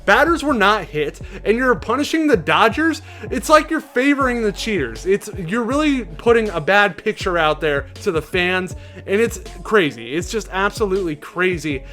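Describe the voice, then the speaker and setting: A young man casually reacting to sports moments in an animated, indignant way, acting out players' quotes. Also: sits high, normal speed, soft background music. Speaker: sports vlogger.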